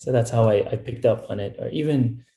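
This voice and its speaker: Male guest from Hawaii, mellow dark voice, roomy sound, easygoing. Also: mid-range voice, a little fast. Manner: relaxed, mostly English with some Tagalog. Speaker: podcast guest. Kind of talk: casual chat.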